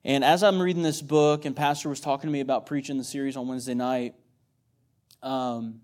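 A man's voice: mid-range voice, steady tone, a little fast, a little mellow. A man in his thirties preaching a sermon in a conversational way, often repeating words and checking in with the congregation. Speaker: missionary preacher.

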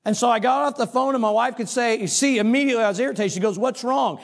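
A middle-aged man preaching, telling a story about himself in an animated, self-mocking way with quoted asides. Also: very high-pitched, racing, creaky. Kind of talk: storytelling sermon.

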